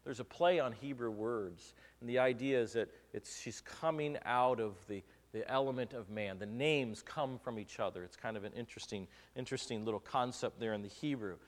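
A man preaching a sermon, telling humorous stories from his own marriage and swinging between loud and soft delivery. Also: mid-range voice, normal speed, few pauses. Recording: long reverb of a large hall.

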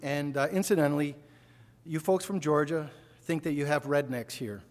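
A man's voice: fairly high pitch, normal speed. A man from upstate New York preaching a sermon, telling family stories in a folksy way and building to fervent emphasis. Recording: long hall reverb.

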